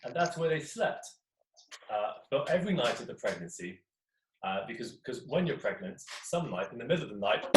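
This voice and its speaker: A man's voice: mid-range voice, very animated, a little fast. Young English male storyteller, playful and chatty, speaking to a listening crowd; picked up from a distance, so the voice sounds set back. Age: young adult. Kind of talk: live storytelling to an audience. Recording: echoey room, mic at a distance, faint noise.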